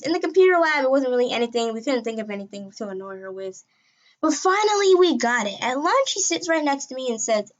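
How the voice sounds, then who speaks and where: A woman narrates a casual storytime in a slightly high voice. She rambles and restarts, then leaps up in pitch and loudness when she gets excited. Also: dull audio.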